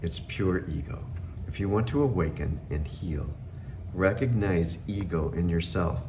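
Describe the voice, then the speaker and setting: A middle-aged man giving an earnest, unhurried spiritual talk, pausing often with fillers. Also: low voice, noisy background.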